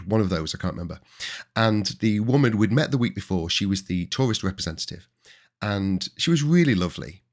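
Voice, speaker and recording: A man in his forties with a Yorkshire accent, hosting his own podcast and telling chatty stories from his working life in a casual way. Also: lowish voice. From Yorkshire, England. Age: 40s. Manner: chatty and anecdotal, with bursts of excited emphasis. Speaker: podcast host. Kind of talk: casual storytelling monologue.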